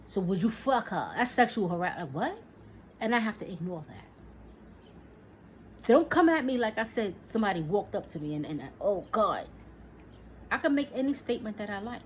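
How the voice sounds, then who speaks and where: A woman in her forties delivers a heated, profanity-laced rant straight to the camera, arguing with a listener who isn't there. Her pitch sits in an ordinary middle range. The recording sounds dull and lo-fi, with a faint hiss underneath. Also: animated, moderate pace. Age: 40s. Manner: profane, heated, talks back to an imagined listener. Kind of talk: casual ranting monologue.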